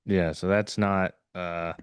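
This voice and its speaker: Man, smooth lowish voice, dry close mic, rambling casual podcast chat. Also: steady tone, slow, dry recording. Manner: rambling, hesitant, laughs often, filler words. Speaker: podcast co-host.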